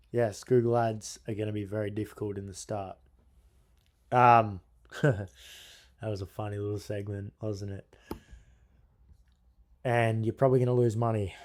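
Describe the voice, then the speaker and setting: A man's voice: fairly low pitch, a little mellow. A young man giving a casual how-to lesson on business, blunt and crude with a joking edge. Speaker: business coach.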